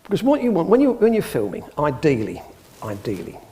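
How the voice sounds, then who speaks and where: A middle-aged English antiques expert, a guest speaker, addresses a live audience in a public hall, telling dry humorous anecdotes and acting out the dialogue. His voice is on the high side and mellow, brisk, with wildly swooping pitch.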